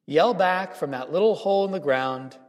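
A man giving a Christmas homily as a priest, telling a story earnestly with measured pauses in a church. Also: sits high. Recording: reverberant church hall.

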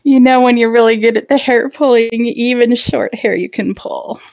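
A woman's voice: on the high side, fairly even intonation, moderate pace, gravelly, darkish tone, no room sound, studio quality. A woman guest on a podcast, talking frankly and playfully and laughing often. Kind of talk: casual interview chat.

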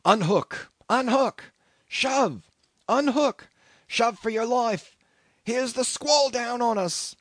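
A man voicing panicked sailors yelling high, frantic orders from a lifeboat. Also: takes it slowly, no echo, studio quality, heavily acted.

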